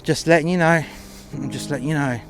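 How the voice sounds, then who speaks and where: A man's voice: on the high side, a little fast, fairly bright tone. A man telling a first-person story in a crude, confrontational way, acting out both sides of a row.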